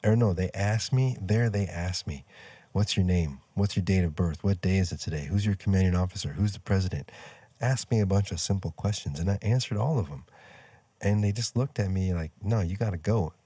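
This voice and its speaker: A man's voice: sits low, fairly quick, warm tone, slightly rough, no echo. A young man casually telling a rambling personal story, acting out what people said to him. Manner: conversational, rambling, with fillers and quoted dialogue.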